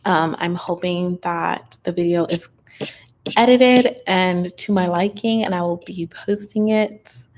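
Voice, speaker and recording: A woman's voice: on the low side, slow pace, darkish tone, a little hiss or hum. A young woman casually chatting on a livestream Q&A, upbeat and advice-giving, a bit tired and loopy, with plenty of fillers. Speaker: online business content creator hosting a live Q&A.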